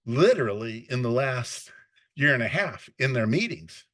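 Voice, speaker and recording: A man lecturing a class in a conversational, unscripted way, often stopping to restart and rephrase his sentences. His voice sits at an ordinary middle pitch. The recording is close and dry, with almost no room sound. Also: very animated, moderate pace, a bit bright, dry recording. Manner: unscripted, frequent restarts and self-corrections.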